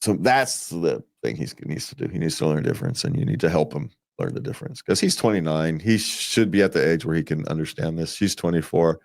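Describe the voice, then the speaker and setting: A man's voice: extremely low pitch, lively intonation, fairly quick, gravelly, hardly any pauses, darkish tone. A man co-hosting a relationship advice show, talking casually, rambling with restarts and frequent chuckles. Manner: rambling, restarts and repeats words, chuckles often.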